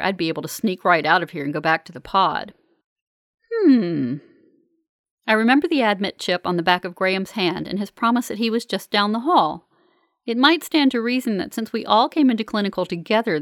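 A woman reads a first-person novel aloud with a wry, measured delivery at a middle pitch. The voice is dry and close, with no room around it. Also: a bit bright, no echo. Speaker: audiobook narrator. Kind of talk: first-person scripted narration.

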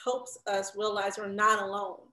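A woman's voice: mid-range voice, little pitch movement, normal speed, sharp tone. A married woman in casual chat, giving reflective advice and laughing often. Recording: echoey room.

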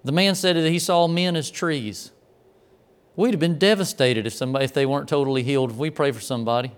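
A man preaching a sermon, telling a story and acting out its quoted lines, moving between loud commands and quiet asides. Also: fairly high pitch, fairly even intonation, fast, clean tone. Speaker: pastor.

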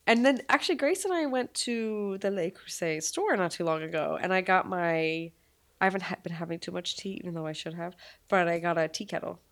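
A woman's voice: fairly low pitch, animated, fairly quick. A young woman co-hosting a podcast, chatting casually, laughing often and swearing freely. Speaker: podcast co-host. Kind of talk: casual chat.

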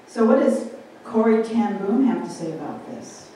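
A female preacher delivers a relaxed, conversational sermon, frequently posing questions to the congregation. Her mellow mid-range voice moves at a moderate pace with big swings in pitch. The distant mic captures a very echoey hall with faint room noise.

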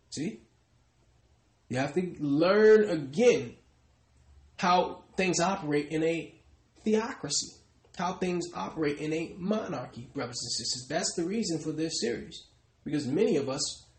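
A man preaches a sermon with emphasis, hammering his points and calling out to the congregation again and again. His voice is a little high and the sound is reverberant.

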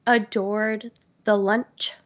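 A woman's voice: mid-range voice, little pitch movement, very slow. A woman in casual movie talk, blunt, profane and enthusiastic as she gushes over scenes. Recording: dull lo-fi sound.

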